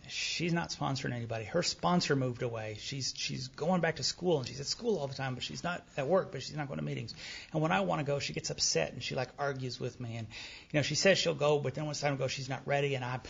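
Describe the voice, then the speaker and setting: A man's voice: mid-range voice, fast, creaky, breathy edge. A middle-aged man from Texas, telling his recovery story to a meeting, acting out dialogue with wry humor. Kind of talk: personal recovery talk to an audience. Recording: dull lo-fi tape recording.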